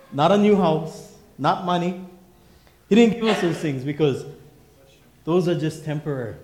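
A pastor preaching a sermon in emphatic, repeating refrains. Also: male voice, a little high, a little mellow, reverberant.

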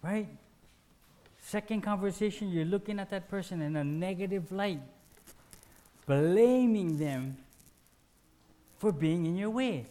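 A man giving an informal spiritual teaching, animated and self-deprecating, acting out everyday scenes in short, punchy phrases. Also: sits high, a little slow, pauses often.

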